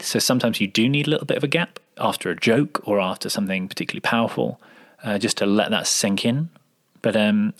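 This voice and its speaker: A man, a sound designer, explaining editing advice in an interview answer and acting out example lines. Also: on the low side. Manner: explanatory, acts out example dialogue.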